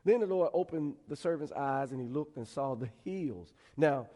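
Guy preaching, kinda high voice, animated storytelling, talks to the folks like a chat. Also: normal speed, in a large hall. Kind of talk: sermon.

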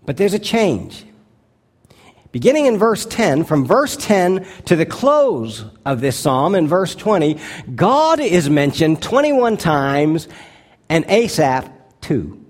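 A male pastor preaching a sermon, earnest and deliberate, slowing down to stress key words and dropping to a hushed tone for his appeals. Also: a little high, very animated.

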